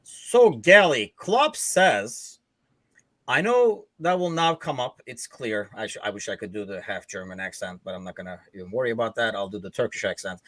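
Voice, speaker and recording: A man co-hosting a casual podcast, easygoing and quick to laugh. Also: fairly low pitch, lively intonation, a bit bright, dry recording. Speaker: podcast co-host.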